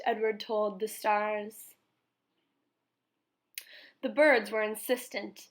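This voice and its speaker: A woman reading a children's novel aloud, measured and expressive. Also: mid-range voice. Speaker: reader. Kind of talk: storybook read-aloud.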